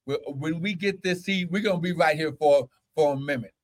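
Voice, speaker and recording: A pastor preaching a fervent sermon, shouting scripture and breaking into exclamations between verses. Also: male voice, on the high side, normal speed.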